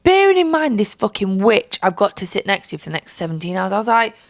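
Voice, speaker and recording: A young woman telling a travel story in a casual vlog, animated and heavily sweary, mocking people with put-on voices. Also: mid-range voice, fast, no echo. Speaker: vlogger.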